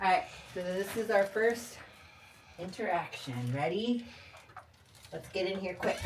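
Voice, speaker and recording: A young woman vlogger chatting casually, excitable, laughing often and gushing over her pets. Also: medium pitch, moderate pace, background noise. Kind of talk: casual vlog chat.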